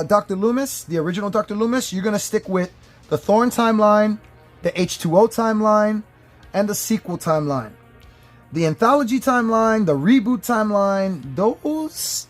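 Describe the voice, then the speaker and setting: Reviewer, casual to-camera rant, blunt, swears a lot, rambling, mid-pitched voice, faint music underneath. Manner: blunt, profane and opinionated, with frequent swearing; rambling, with fillers and self-corrections. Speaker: movie and toy reviewer. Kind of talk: casual ranting chat to camera.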